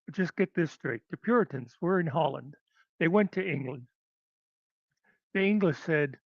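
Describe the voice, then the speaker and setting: Male host, slightly high voice, unhurried sardonic rambler, muffled dry sound. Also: expressive, creaky, dry recording. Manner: sardonic, unhurried, trailing pauses. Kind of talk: rambling solo commentary. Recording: dull lo-fi dry recording.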